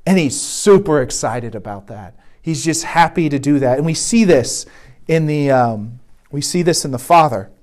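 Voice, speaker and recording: A man's voice: on the high side, lively intonation, moderate pace, a little mellow. A man giving a conversational sermon at a retreat, often checking in with "right?". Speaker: retreat speaker. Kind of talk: sermon talk.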